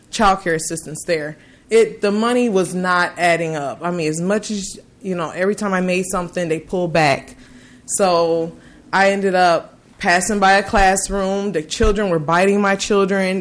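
A woman in her thirties, a parent giving personal testimony, telling her story in an earnest, animated way with many restarts. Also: on the low side.

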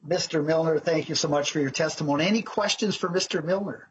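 A man's voice: a little high, fast talker, slight background noise. A man chairing a committee hearing, calling up witnesses in a polite, friendly way. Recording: muffled lo-fi audio.

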